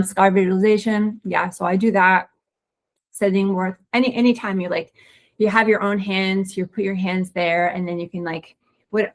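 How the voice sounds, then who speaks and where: A woman who is a pelvic floor physical therapist, co-hosting a webinar and explaining recovery in a quick, excited, casual way with many restarts. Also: mid-range voice. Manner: fast, excited talker with frequent restarts.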